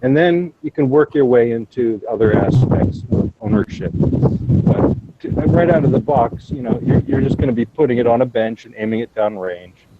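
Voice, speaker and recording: Brief: calm, even-voiced man explaining things over a noisy, dull voice chat line. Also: mid-range voice. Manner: measured, explanatory, teasing. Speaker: gaming lobby player. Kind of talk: casual gaming voice chat.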